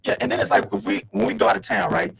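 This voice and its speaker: High, gravelly, fast-talking man. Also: a crowd in the background, poor audio. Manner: loose, rambling, repeats words, says "you know what I mean". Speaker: podcast co-host. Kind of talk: casual group chat.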